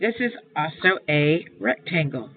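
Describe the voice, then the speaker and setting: A woman's voice: low voice, lively intonation, unhurried, vocal fry. Tinny-sounding woman teacher explaining homework. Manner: patient, repetitive step-by-step explaining. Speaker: math teacher. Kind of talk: homework walkthrough lesson. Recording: tinny phone-like sound, faint hiss.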